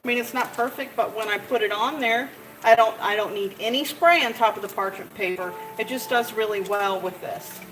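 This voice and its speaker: Speaking fairly quickly with a slightly high voice, a home cook rambles through her steps for viewers while she makes a recipe. Her chatty, casual tutorial comes through off-mic, with kitchen echo and heavy cooking sounds.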